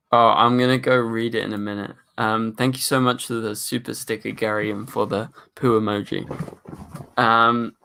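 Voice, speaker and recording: A man's voice: mid-range voice, level tone, a little slow, creaky, long pauses, bright, forceful tone, slight background noise. A young man hosting a casual livestream, reading chat questions aloud and rambling through his answers with plenty of fillers. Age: young adult. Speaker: livestream host.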